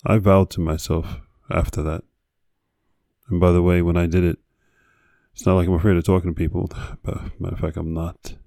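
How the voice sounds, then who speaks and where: A man's voice: low-pitched, flat delivery, normal speed, gravelly, dark tone, no room sound, clean studio sound. A man hosting a podcast, delivering an earnest motivational monologue with repeated exhortations. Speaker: podcast host.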